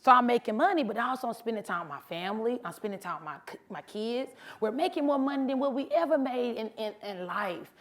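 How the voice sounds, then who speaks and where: Bubbly, animated woman telling her story. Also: a little high, brisk, hardly any pauses. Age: adult, mother of sons. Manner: casual, chatty, addresses crowd as honey and y'all. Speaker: truck driver and social media creator. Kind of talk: motivational speech to an audience. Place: live event before an audience.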